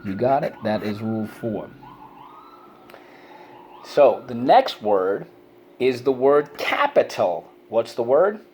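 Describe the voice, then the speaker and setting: A man leads a spelling lesson at a medium pitch, encouraging his pupils. He sounds out words syllable by syllable. A faint hiss of room ambience sits behind him. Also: sing-song, darkish tone. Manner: encouraging, drills syllables slowly. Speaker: teacher.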